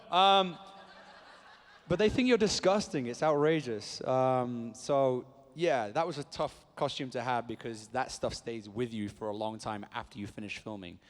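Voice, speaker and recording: A British man, an actor guest on a fan convention panel, talking to the crowd in a playful, rambling, cheeky way. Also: medium pitch. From Britain. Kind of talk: joking panel talk to a crowd. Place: convention hall stage. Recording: echoey convention hall.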